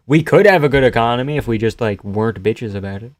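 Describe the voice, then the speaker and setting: A man hosting a live fight-reaction stream, chatting loosely and profanely with his viewers and often trailing off quietly. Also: medium pitch, steady tone, fast talker, no echo, clean studio sound. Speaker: live-stream host reading chat.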